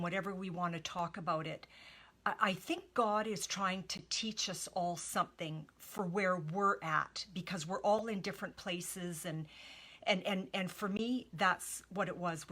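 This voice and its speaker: Slow-talking, heartfelt woman hosting a stamp demo. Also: fairly low pitch, fairly bright tone. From Canada. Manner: heartfelt, chatty, greets viewers by name. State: emotional, teary. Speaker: stamping demonstrator hosting a live stream. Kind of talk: casual live-stream craft demo. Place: home craft studio.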